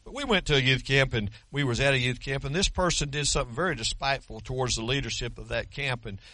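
Brief: pastor in his 60s, forceful, folksy sermon, dry close sound. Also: medium pitch, fast talker, no room sound. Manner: folksy storytelling with humor.

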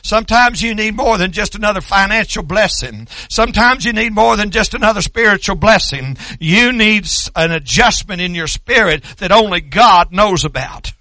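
Older man from Oklahoma, preacher. High, raspy, piercing tone, dry close sound. Folksy storyteller who works up to shouting. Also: lively intonation, normal speed, hardly any pauses, no room sound. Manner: rambling folksy asides, building to loud shouting. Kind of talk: sermon.

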